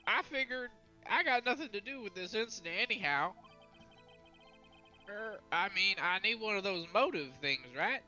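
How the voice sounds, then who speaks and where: A man voicing a gruff, evasive old caretaker who talks in a folksy, rough way. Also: sits high, lively intonation, normal speed, bright, forceful tone, faint music behind, voice pushed up, heavily acted. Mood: defensive. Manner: folksy, defensive, rough grammar.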